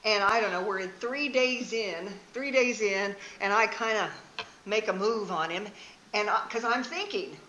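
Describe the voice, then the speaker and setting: A woman's voice: medium pitch, moderate pace, pushed and bright, dull audio, a little hiss or hum. A woman in her sixties giving a frank, earnest marriage seminar talk in a church hall, telling personal stories and laughing at herself.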